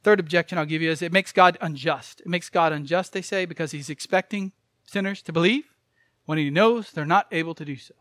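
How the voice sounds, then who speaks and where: A man's voice: on the high side, brisk, fairly bright tone, no room sound, studio quality. A man preaching a sermon in an earnest, emphatic way, repeating key phrases for weight.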